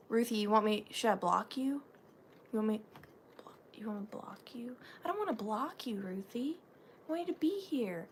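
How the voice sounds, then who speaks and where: A woman's voice: sits high, vocal fry, a bit bright. A woman with a Southern US accent hosting a livestream, chatting sweetly with viewers and greeting them by name. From Georgia, US. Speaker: livestream host.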